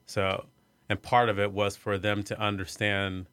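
A middle-aged man from Iowa telling a personal story in an interview, soft-spoken and hesitant, with many fillers and restarts. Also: fairly low pitch, level tone, measured pace, smooth, no room sound. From Iowa, USA. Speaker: arts center executive director.

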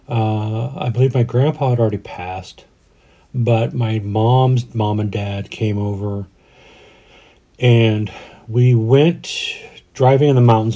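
This is a man in his forties, originally from Denver, chatting on a podcast. His voice is dark and mellow, sitting at an ordinary pitch. He wanders through his thoughts and restarts his sentences as he goes. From Denver, USA. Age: 40s. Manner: rambling, restarts often, reflective. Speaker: podcast co-host. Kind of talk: casual chat.

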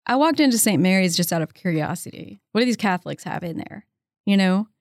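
A woman in her fifties, an interview guest telling her story in a casual, animated way, often slipping into the voices of the people she quotes. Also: mid-range voice, fairly quick, no echo, studio quality. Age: 50s. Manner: chatty, with frequent "um" and "you know".

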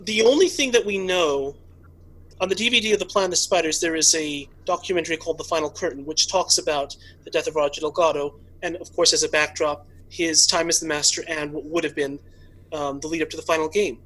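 A man producing a fan audio drama, telling the story with excited, halting restarts in a casual interview. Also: a little high, low-quality recording.

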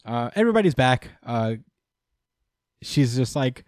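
A man co-hosting a casual manga review podcast, relaxed and full of fillers, recapping with playful quoted voices. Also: medium pitch, normal speed, dry recording, clean studio sound. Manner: relaxed, many fillers, acts out characters in quotes. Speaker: podcast co-host.

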